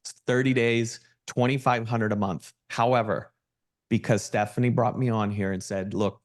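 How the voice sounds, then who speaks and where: A middle-aged man giving an emphatic, energetic motivational talk as a guest speaker and pitching his branding agency. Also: moderate pace.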